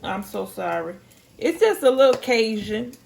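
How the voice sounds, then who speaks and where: A woman's voice: a little high, very animated, measured pace, vocal fry, darkish tone, echoey room, distant mic. A woman and mother talking casually while cooking in her home kitchen, chatty and apologetic, laughing at her own kitchen mistakes. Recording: voice a little off-mic, noisy kitchen. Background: sizzling frying pan and clicks.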